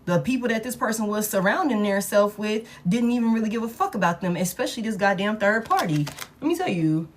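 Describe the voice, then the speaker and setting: A woman's voice: mid-range voice, animated, fairly quick. Blunt, profane woman tarot reader. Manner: blunt, profane, emphatic repetition. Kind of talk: casual tarot reading monologue.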